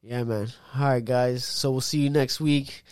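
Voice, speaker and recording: A young American man co-hosting a sports podcast, in excitable, trash-talking banter, cutting in again and again. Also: mid-range voice, normal speed, smooth, no room sound, studio quality. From United States. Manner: excitable trash-talk, repeats "guy" over and over. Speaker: podcast co-host.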